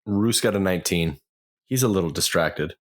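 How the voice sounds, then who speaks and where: A man's voice: sits low, lively intonation, normal speed. A man playing in a tabletop game, speaking in a laid-back, dry way. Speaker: player. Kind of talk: casual tabletop play.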